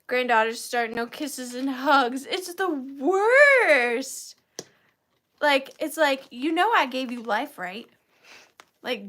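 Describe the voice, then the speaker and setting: A woman's voice: high voice, bright, forceful tone. A woman in her thirties hosting a live vintage sale, chatty and self-deprecating, easily moved to tears. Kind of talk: chatty live-stream selling.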